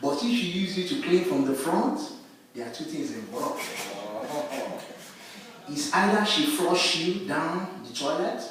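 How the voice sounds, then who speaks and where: Slow, deliberate man telling a stand-up joke. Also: a little high, expressive, a bit bright, distant mic. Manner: slow, deliberate, repetitive build-up. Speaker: stand-up comedian. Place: comedy club stage. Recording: echoey room heard from afar.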